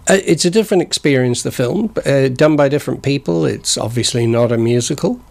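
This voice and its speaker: Here the man's mid-range voice is brisk and a little mellow, with some vocal fry. A northern England-born, New Zealand-raised guest in his sixties, he chats in a loose, joking, meandering way on a community TV set, his accent New Zealand with traces of the north of England.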